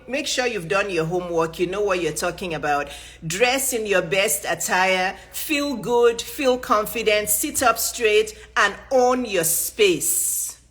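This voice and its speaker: A woman's voice: fairly high pitch, fairly bright tone. A middle-aged woman giving a motivational coaching talk on a livestream. She speaks emphatically, repeats her key phrases and often checks in with "okay?". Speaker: business and lifestyle coach.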